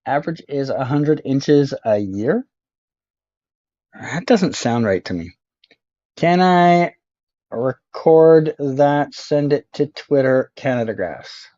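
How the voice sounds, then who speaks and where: A man streaming a geography game, joking and mocking himself as he sounds out signs in slow, mangled Spanish. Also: a little high, expressive, dark tone, muffled recording. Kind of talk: casual live-stream commentary.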